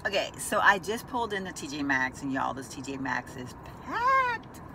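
A woman's voice: low voice, wildly swooping pitch, normal speed, noisy background. Chatty woman vlogging from her car. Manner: chatty, addresses viewers as y'all. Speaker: lifestyle vlogger. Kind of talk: casual vlog chat. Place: inside a car.

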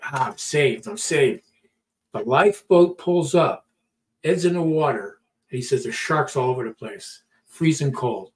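A middle-aged man telling a story in casual talk, acting out quotes and often repeating words. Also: medium pitch. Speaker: podcast storyteller.

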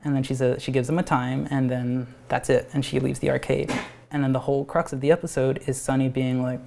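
A man, an animator pitching his own cartoon at a live event, talking in a rambling, animated way with frequent restarts and laughs. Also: a little fast, gravelly, slight background noise. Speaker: animator and show creator.

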